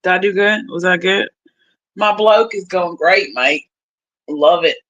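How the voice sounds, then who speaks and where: A woman's voice: on the low side, a little slow, fairly bright tone. A woman putting on a cheesy, playful Australian accent, playing a cheery Aussie woman chatting about her bloke. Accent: put-on Australian.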